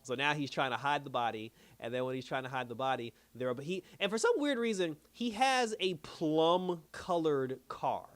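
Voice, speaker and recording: A man's voice: a little high, moderate pace, few pauses. A man giving a casual, slangy recap of a TV episode, telling the story loosely with lots of fillers. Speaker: show reviewer.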